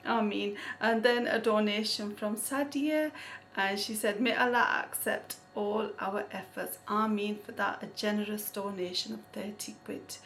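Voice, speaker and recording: A woman's voice: medium pitch, steady tone, unhurried, a bit bright. A woman vlogger chatting casually, thanking donors one by one with frequent Islamic blessings and light laughs. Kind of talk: casual chat.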